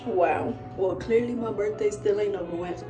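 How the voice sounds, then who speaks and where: A woman's voice: mid-range voice, moderate pace, recorded from a distance, dull audio, over music. A young woman co-hosting a vlog, chatting casually to the camera and filling her talk with "like" and "or whatever". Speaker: vlog co-host. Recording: very echoey room.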